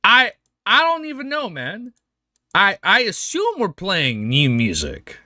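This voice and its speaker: A man hosting a casual livestream, chatting in an excitable, rambling way and swearing freely. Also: high-pitched, slow, dry recording, studio quality. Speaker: livestream host. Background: faint background music.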